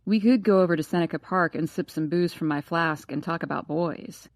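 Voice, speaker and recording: A woman's voice: on the low side, a little fast, dry recording, lightly acted. A woman reading an audiobook, voicing a gossipy, theatrical teenage boy who teases his friend. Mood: teasing. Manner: teasing, dramatic, wheedling. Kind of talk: audiobook character voice.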